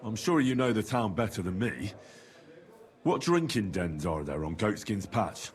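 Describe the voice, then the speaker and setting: A man's voice: fairly low pitch, sing-song, measured pace. An actor playing a plain-spoken young male adventurer who asks matter-of-fact questions.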